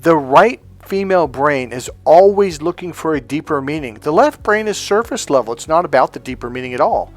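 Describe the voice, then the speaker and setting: A man's voice: a little high, expressive, a little fast, hardly any pauses, soft background music. Blunt, profane male dating coach. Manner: blunt, profane, acts out quotes. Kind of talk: casual coaching monologue.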